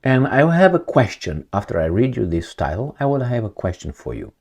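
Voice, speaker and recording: A man giving blunt solo commentary, firing rhetorical questions and swinging between loud and soft. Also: medium pitch, very animated, a little fast. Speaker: political commentator.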